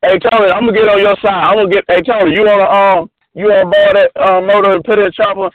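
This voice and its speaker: A man's voice: high voice, fairly even intonation, fast talker, no echo. A man, a drag racer boasting and trash talking on a call, repeating himself and calling out names. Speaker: drag racer, show regular. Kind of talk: casual trash talk on a call. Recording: tinny phone line.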